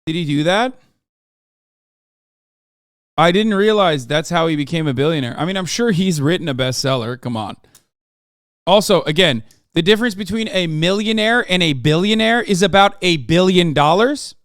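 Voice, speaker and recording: A man riffs sarcastically to his stream chat, swearing casually as he reacts. His voice sits a little high and sounds smooth and resonant, recorded close and dry. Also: moderate pace, a bit bright, no room sound.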